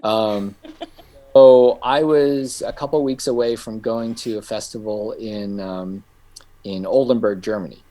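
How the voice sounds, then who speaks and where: A man's voice: on the low side, measured pace. A middle-aged man, a guest filmmaker, telling a long anecdote in casual chat and acting out the voices of the people he quotes. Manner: animated storyteller who acts out quoted voices.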